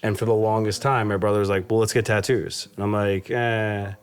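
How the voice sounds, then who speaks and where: A man in his thirties co-hosting, speaking in relaxed, plain casual chat and asking short questions. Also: fairly low pitch, quick pace, clean tone.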